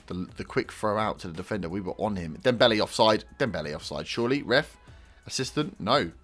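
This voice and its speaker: A young man with a lowish voice commentates his own football management game in a casual let's-play style. He jumps between calm muttering and excited shouts, talking straight to the players on screen. Faint music plays behind him. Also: brisk. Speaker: gaming YouTuber.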